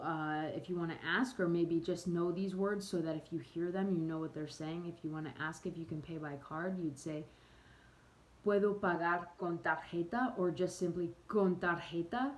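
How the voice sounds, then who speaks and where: A woman's voice: lowish voice, poor audio. A woman giving a casual spoken lesson to camera in a chatty way, often correcting herself with amused asides. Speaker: travel vlogger teaching phrases.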